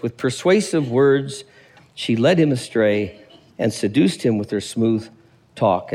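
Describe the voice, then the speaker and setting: A man preaching a sermon, reading scripture aloud and acting out the characters in the passage with quick voices. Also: mid-range voice, big-room sound. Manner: animated, acts out characters, reads scripture aloud.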